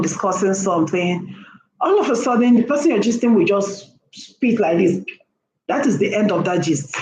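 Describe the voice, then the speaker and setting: A woman's voice: mid-range voice, darkish tone, a little hiss or hum. Emphatic woman in echoey room. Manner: emphatic, repeats points for stress. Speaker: vlogger. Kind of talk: casual talk to camera.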